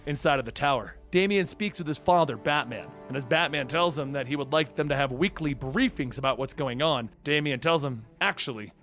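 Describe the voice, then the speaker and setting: A man's voice: a little high, fairly quick, hardly any pauses, a bit bright, soft background music. A man narrating a comic book story as a recap storyteller.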